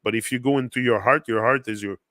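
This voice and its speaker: Bright-voiced man with a French accent. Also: medium pitch, steady tone, fast talker, dry recording, clean studio sound. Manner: rambling, reads viewer comments aloud. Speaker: motivational livestream host. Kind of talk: casual motivational chat.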